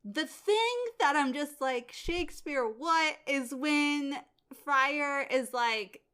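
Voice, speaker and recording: A woman co-hosting a podcast, chatting casually about a play and acting out the characters in quick, animated asides. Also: high voice. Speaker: podcast co-host. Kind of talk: casual theater discussion.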